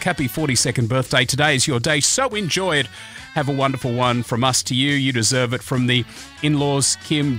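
A man's voice: mid-range voice, pushed and bright. A middle-aged Australian man hosting a radio breakfast show, chatty and upbeat as he reads out birthday greetings.

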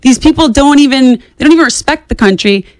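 Rapid-talking young woman. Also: high voice, no echo. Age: 20s. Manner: rapid, animated, opinionated. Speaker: guest commentator. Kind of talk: casual political talk radio.

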